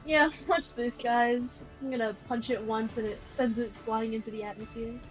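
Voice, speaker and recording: A woman playing a tabletop game, loud, excitable and joking. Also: on the high side, normal speed, soft background music, low-quality recording. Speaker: player. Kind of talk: casual tabletop play.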